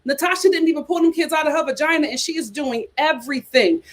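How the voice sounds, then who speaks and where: Speaking fast in a high pitch, she reads super chats from viewers during her reality TV commentary livestream, full of sass and energy.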